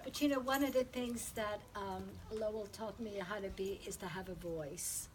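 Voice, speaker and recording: A woman's voice: mid-range voice, normal speed, slight background noise, poor audio. A woman giving a heartfelt eulogy at a memorial, telling personal stories and laughing through the funny parts. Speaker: eulogy speaker.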